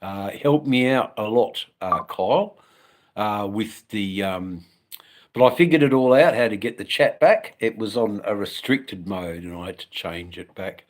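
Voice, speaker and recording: A low-voiced Australian man rambles through a relaxed live stream from home. He chats with viewers about his riding, drifting along with plenty of ums and the occasional casual curse. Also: measured pace. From Western Australia. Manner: rambling and laid-back, many ums, casual swearing. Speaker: motorcycle channel host on a live stream.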